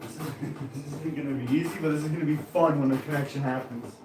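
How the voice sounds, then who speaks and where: A man hosting a casual live stream of knife-throwing trick shots, chatting to viewers and bursting into excited exclamations. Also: on the high side, fast. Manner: excitable, breaks into loud exclamations. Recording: echoey room, voice far from the mic, music behind.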